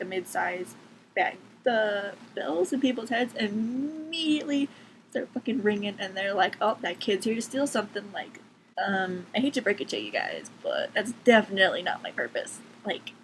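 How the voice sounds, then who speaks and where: A woman's voice: medium pitch, low-quality recording. A teenage girl ranting casually to camera from her bedroom, sarcastic, swearing freely and filling her talk with "like". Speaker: vlogger. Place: bedroom at home. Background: cats making noise.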